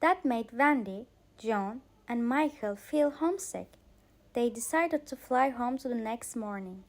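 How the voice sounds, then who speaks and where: A woman reading a bedtime story aloud for English learners, clear and expressive. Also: fairly high pitch, unhurried.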